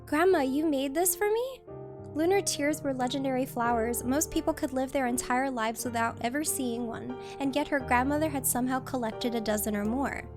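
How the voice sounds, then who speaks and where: High-voiced woman reading a novel aloud. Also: fairly quick, hardly any pauses, over music. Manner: steady storybook narration. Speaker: streamer.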